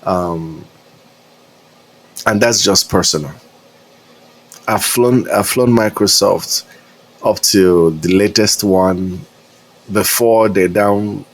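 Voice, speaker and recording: A man's voice: sits low, steady tone, slow pace, vocal fry, long pauses. A man streaming a flight simulator, chatting casually in a rambling, hesitant way and chuckling often. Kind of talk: casual live-stream chat.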